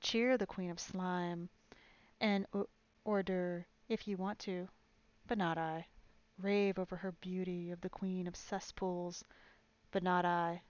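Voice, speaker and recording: A woman voicing an ancient, withered old woman who loudly and scornfully denounces a queen. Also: on the low side, fairly even intonation, a little slow, dry recording, lo-fi sound, close to an everyday voice. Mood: yelling. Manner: yelling, scornful denunciation.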